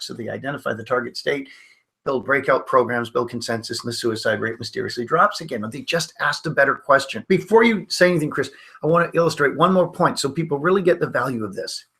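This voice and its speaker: A man's voice: on the high side, sharp tone. A middle-aged man teaching hypnosis in a webinar, telling stories and acting out the voices of the people he quotes. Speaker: hypnosis trainer.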